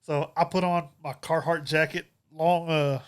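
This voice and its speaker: A man co-hosting a podcast, telling a story with frequent chuckles and halting restarts. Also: a little high, fairly even intonation, smooth. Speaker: podcast co-host. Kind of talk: casual podcast chat.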